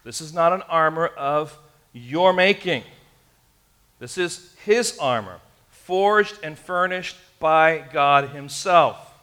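Bright-voiced man preaching a sermon. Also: a little high, expressive, slow, clean tone. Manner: earnest preaching, addressing the congregation directly. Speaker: pastor.

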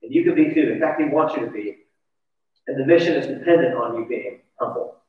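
A man's voice: mid-range voice, expressive, a little fast. Man preaching from afar in an echoey room. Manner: conversational, confessional, asks the audience questions. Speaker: pastor. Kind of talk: sermon. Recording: distant, echoey, dull church recording.

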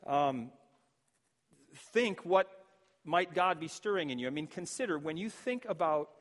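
A man preaching as pastor, his voice sitting a little high for a man. He speaks earnestly and reflectively, restarting phrases as he works through the text. The sound carries a long reverb, as in a hall. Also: animated, a little slow. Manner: earnest, reflective, with frequent restarts while quoting scripture. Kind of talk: sermon.

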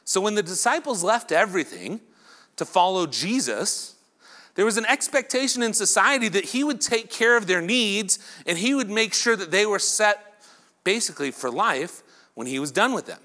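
A male pastor giving a lively sermon who acts out imagined dialogue between the people in his story. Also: sits high, normal speed. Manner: animated preaching, acting out imagined dialogue.

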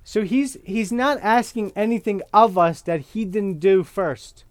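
A man preaching a sermon as pastor, slow and deliberate, often checking in with his listeners by asking "okay?". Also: sits high, dry recording.

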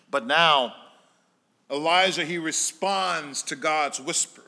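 With a high, bright, ringing voice, a male pastor preaches a storytelling sermon at a slow pace with some vocal fry. He sinks into hushed, quiet moments, then climbs back to emphatic calls to the congregation.

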